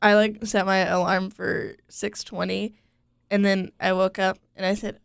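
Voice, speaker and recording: A woman's voice: medium pitch, level tone, a little slow, creaky, smooth, no room sound, clean studio sound. A young woman co-hosting a casual college podcast, bubbly and giggly with lots of fillers, in a sleepy morning voice. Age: young adult. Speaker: co-host. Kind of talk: casual chat.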